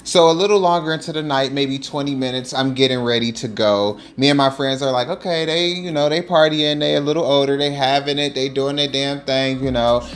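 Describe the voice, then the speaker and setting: A man telling a casual storytime over a nail art tutorial, animated and acting out the quotes. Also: brisk, few pauses. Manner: animated, acts out quotes in higher voices.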